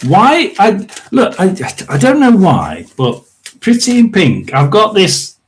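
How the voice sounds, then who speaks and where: A man's voice: high-pitched, huge pitch swings, slow, slight background noise. Chatty man reading tarot live. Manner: rambling, chatty, many fillers and throat clearing. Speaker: tarot reader and livestream host. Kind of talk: casual livestream tarot reading.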